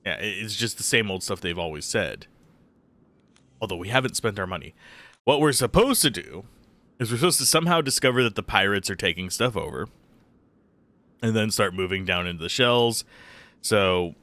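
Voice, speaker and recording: A man's voice: fairly low pitch, lively intonation, moderate pace, long pauses, sharp tone, no echo. A man streaming a game live, talking casually with a groggy, phlegmy morning voice, rambling and self-deprecating. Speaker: let's play streamer.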